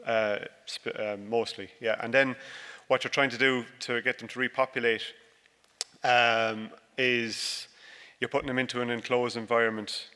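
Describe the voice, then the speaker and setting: A man's voice: mid-range voice, bright, forceful tone, clean tone. A dairy farmer giving a chatty, jokey conference presentation about his farm. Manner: jokey, chatty and self-deprecating. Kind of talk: informal conference presentation with slides. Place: large conference hall. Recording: long hall reverb.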